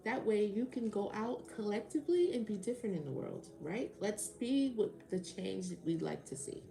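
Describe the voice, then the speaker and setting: A woman on a casual livestream tarot reading, her voice gravelly with fry. She answers chat commenters with sarcasm and swears freely between cards. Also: medium pitch, expressive, normal speed, warm tone.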